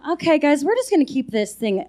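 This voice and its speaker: A woman hosting a comedy show, introducing the next act, loud and gushing. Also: high voice, very animated, fast. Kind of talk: introducing acts. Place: comedy club stage.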